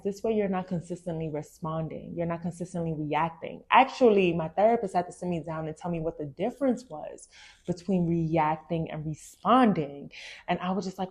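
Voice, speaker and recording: At a normal speed and in a low-leaning voice, a young podcast host mixes casual chat with reading a book aloud. Her reactions are animated and emphatic, laced with slang and repeated phrases.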